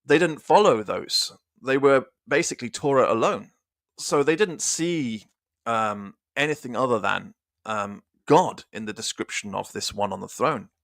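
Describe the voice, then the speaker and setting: A man's voice: medium pitch, measured pace, creaky, fairly bright tone, no room sound, studio quality. A man giving an informal Bible study on a livestream, thinking aloud with restarts and reading passages aloud. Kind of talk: informal scripture teaching on a livestream.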